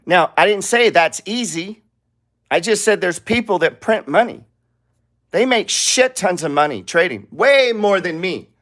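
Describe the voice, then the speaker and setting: Brief: high-voiced male trading teacher, blunt and profane, talks through charts with rhetorical questions. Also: lively intonation, measured pace, a bit bright. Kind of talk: live trading lesson with charts.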